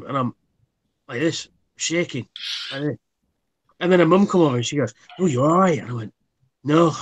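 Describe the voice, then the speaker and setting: A man in his thirties, hosting a live stream in casual chat, rambling through anecdotes and swearing freely. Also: mid-range voice. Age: 30s.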